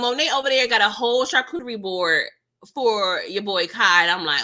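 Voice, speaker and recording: Animated, bright-voiced woman recapping a show. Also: high voice, normal speed. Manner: animated, slangy, acts out characters' lines. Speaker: TV recap host. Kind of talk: casual livestream recap chat.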